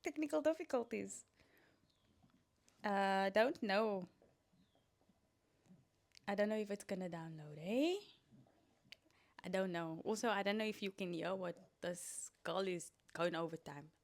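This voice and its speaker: A woman's voice: medium pitch, unhurried, long pauses. A woman hosting a solo podcast, giving casual, coaching talk with playful asides. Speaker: podcast host.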